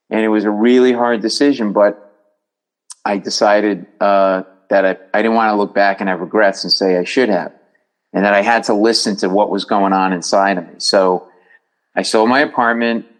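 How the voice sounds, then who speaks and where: A middle-aged man, a comedian, telling stories as a podcast guest in a lively way and acting out the other people's voices. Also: lowish voice, rough recording. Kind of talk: podcast storytelling.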